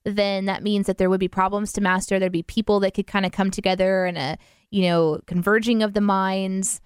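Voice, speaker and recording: A woman's voice: mid-range voice, flat delivery, a little fast, clear, resonant tone, no echo, clean studio sound. A woman co-hosting a live show in casual chat, talking in an enthusiastic, chatty way with plenty of fillers. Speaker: co-host.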